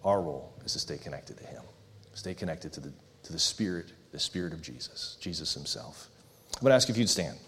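A man preaching as a pastor and leading an earnest closing prayer, slowing down on the words he wants to land. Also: very deep voice, animated, a bit bright, slight background noise. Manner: earnest, pleading, slows on key phrases. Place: church sanctuary. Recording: long hall reverb.

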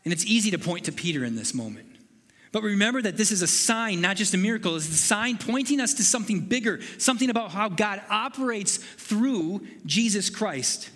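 A man's voice: sits high, expressive, fairly quick, a bit bright, long reverb tail. A male pastor preaching a sermon, earnest and building to urgent rhetorical questions.

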